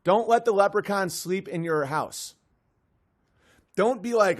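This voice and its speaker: A man delivering a comedy monologue in an animated way, often dropping into character voices. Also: high-pitched, a little slow, long pauses.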